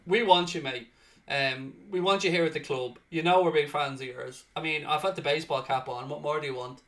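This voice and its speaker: A man hosting and commentating on his own football video game, excitable and swearing loudly in frustrated outbursts, sounding tired. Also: a little high, brisk. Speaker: gaming streamer and host. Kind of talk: live gaming commentary.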